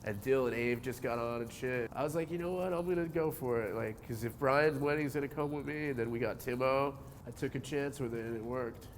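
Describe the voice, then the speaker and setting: A man from New in his forties speaks in a mid-pitched, easygoing voice, dropping curses constantly. He perks up when a story gets good. There is a faint hiss behind him. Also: a little fast. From New Jersey. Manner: laid-back, swears a lot, animated when telling stories. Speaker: interviewee, pro skateboarder. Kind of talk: casual interview.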